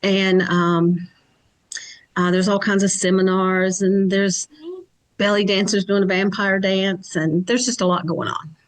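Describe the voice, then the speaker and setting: A woman's voice: medium pitch, flat delivery, unhurried. A woman guest from Kentucky chatting casually on a podcast about her events and psychic work.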